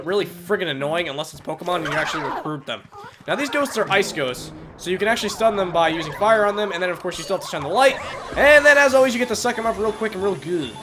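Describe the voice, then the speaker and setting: A young man with a congested, stuffy voice from a cold, giving excitable, jokey gameplay commentary and cursing at enemies. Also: a little high, background noise. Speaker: let's play commentator.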